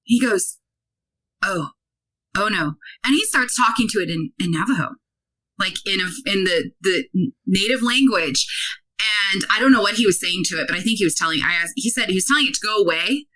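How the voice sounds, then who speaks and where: A woman in her thirties, a podcast guest, telling a story in a casual, animated way, full of "like" and acted-out dialogue. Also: mid-range voice, a little fast, poor audio. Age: 30s. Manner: animated, many "like" fillers, acts out quoted dialogue.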